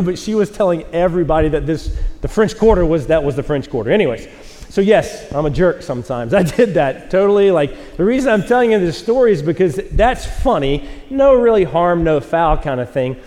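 Pastor guy in his 40s, high voice, goofy self-mocking storytelling, big echoey church hall. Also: a little mellow. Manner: storytelling, self-mocking, acts out quotes in a higher voice. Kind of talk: sermon. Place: church auditorium with a live audience.

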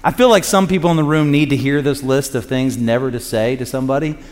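A man's voice: mid-range voice, quick pace. A man preaching in a loose, conversational way, cracking jokes and acting out quotes between points. His voice rings out with a long reverb from a large hall. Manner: conversational and joking, acts out quotes. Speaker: pastor. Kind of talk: sermon.

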